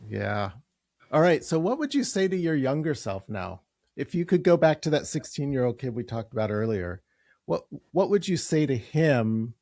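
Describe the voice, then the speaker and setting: A man's voice: mid-range voice, big pitch swings, moderate pace, a little mellow, no echo. Male interviewer, easygoing, laughs easily, mid-range voice, dry close sound. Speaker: podcast host. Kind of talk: conversational interview.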